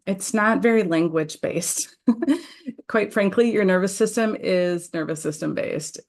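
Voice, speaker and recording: A woman leads a guided tapping session as the host. Her mid-range voice stays gentle and patient, with a few fillers and restarts. She recites affirmation phrases slowly so listeners can repeat them. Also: mid-range voice.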